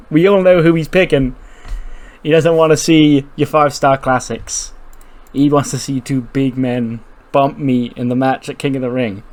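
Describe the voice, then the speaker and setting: A man giving casual, chatty commentary on a game playthrough, quickly acting out the characters. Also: on the high side, a little mellow.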